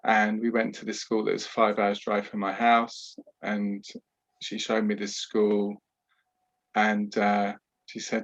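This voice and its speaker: Man, podcast guest, low register, candid and measured storyteller, muffled lo-fi sound. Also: completely flat delivery, fairly bright tone. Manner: candid, measured, with many "you know" asides. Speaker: podcast guest, trauma healer. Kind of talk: reflective personal storytelling.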